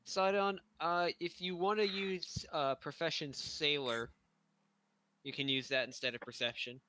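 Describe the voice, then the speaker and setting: A man as game master of a tabletop game, giving even, matter-of-fact rulings with pauses. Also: a little high, rough recording.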